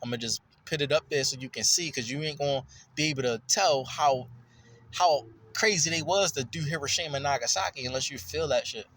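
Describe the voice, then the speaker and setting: A man's voice: fairly quick, slight background noise. A man rambling loosely through a casual, profane monologue, his voice jumping up when he gets worked up. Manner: loose and profane, jumps in pitch when excited. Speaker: vlogger.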